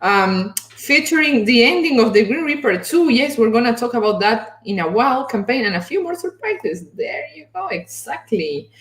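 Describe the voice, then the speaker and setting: A woman's voice: fairly high pitch, very animated, normal speed, hardly any pauses. Chatty woman hosting in a roomy space. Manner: chatty, effusive, greets viewers warmly. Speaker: host. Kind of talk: casual livestream chat. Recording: roomy echo.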